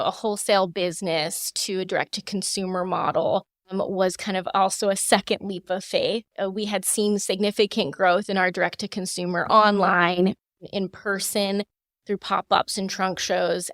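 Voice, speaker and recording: A woman in her thirties, a fashion designer, answering interview questions in a measured, polished way with frequent fillers, close to the mic. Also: mid-range voice, steady tone, a bit bright, dry recording. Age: 30s. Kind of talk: podcast interview.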